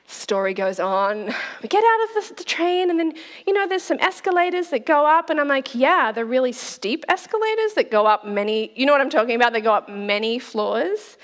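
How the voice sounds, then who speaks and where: Animated, high-voiced woman preaching. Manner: animated, laughing, acts out quoted voices. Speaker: speaker at a church talk. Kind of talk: storytelling sermon.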